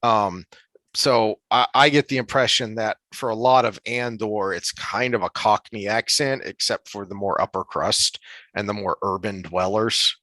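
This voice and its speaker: A man's voice: on the low side, a little slow, bright, forceful tone, no echo. A man co-hosting a podcast, chatting casually about a fantasy book series with lots of restarts and fillers. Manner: rambling, many restarts and fillers. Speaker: podcast co-host.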